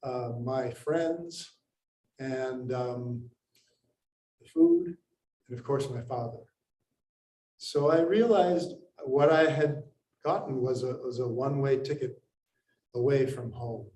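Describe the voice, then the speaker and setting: A man from India with a mid-range voice tells a personal story to an audience, taking his time with pauses and lively, acted-out quotes. The recording is roomy, with a distant mic and faint noise.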